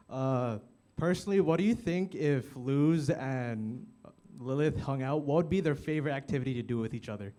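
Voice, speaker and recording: A man fan asking the panel a question in a halting way. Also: medium pitch, warm tone. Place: café event audience.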